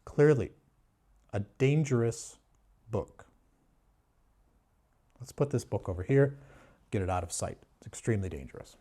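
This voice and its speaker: A man giving a sarcastic, mock-serious book review in a deadpan way. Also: on the low side, measured pace, long pauses. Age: adult. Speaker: booktuber.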